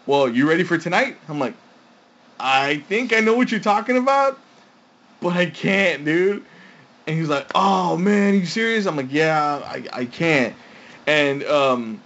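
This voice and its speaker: A podcast co-host tells stories in a chatty way, acting out quotes and laughing often. His male voice is a little high and a bit bright, animated but unhurried. The recording has a dull, lo-fi sound.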